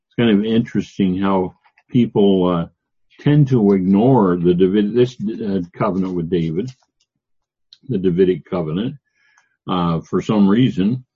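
Hesitant, low-voiced male Bible teacher. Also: warm tone, breathy edge. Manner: halting, many fillers and restarts, stresses words. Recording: dull lo-fi recording.

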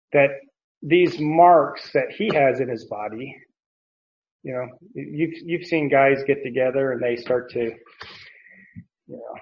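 Guy doing a bible study, chatty, lots of ums, laughs a bit, sound kinda dull and lo-fi. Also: mid-range voice. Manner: conversational, many fillers, chuckles often. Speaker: bible teacher. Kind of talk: verse-by-verse bible teaching.

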